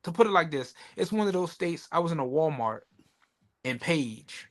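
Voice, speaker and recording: Dude on a sneaker podcast, kinda high voice, rambling funny stories, swears a lot, does little voices. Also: male voice, moderate pace. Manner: animated storyteller, acts out quoted voices, swears freely. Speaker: podcast co-host. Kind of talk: casual chat.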